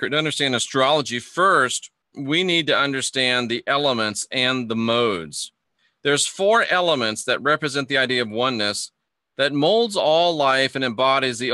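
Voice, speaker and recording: Guy on a livestream, super bright edgy voice, dry close mic, talks to chat and trips on words. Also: mid-range voice, no echo. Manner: chatty, reads viewer comments aloud, stumbles and restarts. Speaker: livestream host teaching astrology. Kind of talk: casual livestream lesson reading chat.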